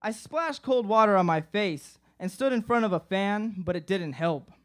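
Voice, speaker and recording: A man's voice: high voice, lively intonation, moderate pace, a bit bright, clear, resonant tone. A young man performing a comic personal story live on stage, acting out his friends' voices. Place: live stage before an audience.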